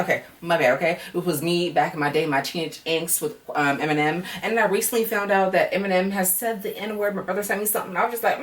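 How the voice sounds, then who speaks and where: A woman's voice: on the low side, fairly even intonation, quick pace, hardly any pauses, recorded from a distance. A young woman recapping a reality dating show in a casual vlog, blunt and sassy, swearing freely and ending her points with "okay?" and "girl".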